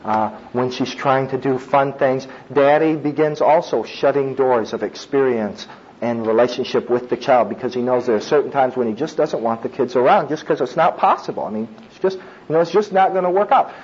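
Husky-voiced man preaching conversationally. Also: mid-range voice, moderate pace, a little mellow, highs cut off. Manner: conversational preaching with asides and laughs. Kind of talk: sermon on child discipline.

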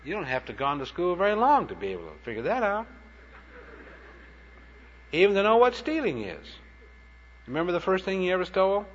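Man, preacher, animated sermon, high voice, lively swings in pitch, muffled old recording. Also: fairly quick, pauses often. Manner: animated storytelling preacher, plain-spoken with punchy anecdotes. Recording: dull lo-fi recording.

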